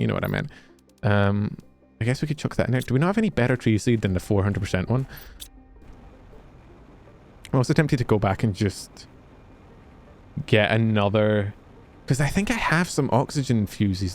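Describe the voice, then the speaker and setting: A man's voice: fairly low pitch, lively intonation, moderate pace, faint music behind. A Scottish man streaming a game, chatting casually with his viewers, joking and swearing freely as he plays. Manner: chatty, joking, swears freely, talks to chat while playing.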